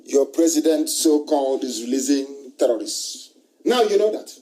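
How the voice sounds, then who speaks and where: A man's voice: mid-range voice, expressive, moderate pace, dark tone, rough recording. A middle-aged man giving an impassioned live radio monologue, hammering his points with repeated rhetorical questions and declarations. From Nigeria. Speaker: broadcaster.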